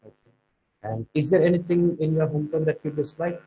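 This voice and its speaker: A man's voice: fairly high pitch, brisk, dark tone, slight background noise, natural voice, low-quality recording. A man playing a formal examiner in a mock speaking test, asking short clipped questions. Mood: businesslike. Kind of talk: mock exam role-play.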